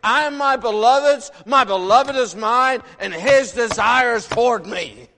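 A man in his sixties, originally from the northern United States, preaching a sermon in an animated, folksy way, full of rhetorical questions. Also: very high voice, measured pace, slight background noise. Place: church sanctuary. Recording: long reverb of a large hall.

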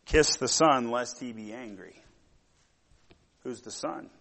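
A middle-aged man preaching a sermon, telling stories in a rambling way with many fillers and growing loud and animated when he gets worked up. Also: medium pitch, slow. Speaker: pastor.

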